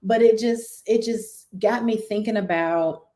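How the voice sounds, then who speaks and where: A woman with a medium-pitched voice speaks unhurriedly as a guest on a talk stream. She tells a story earnestly in a conversational discussion, growing animated as she recounts events.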